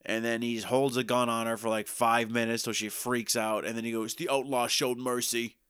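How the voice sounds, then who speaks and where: A man talks through a story in loose, profane casual chat, now and then dropping into a quick mock voice. His voice is smooth and clear at a middling pitch, recorded dry and close with no room around it. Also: flat delivery, a bit bright, no room sound. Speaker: podcast co-host recapping a TV series.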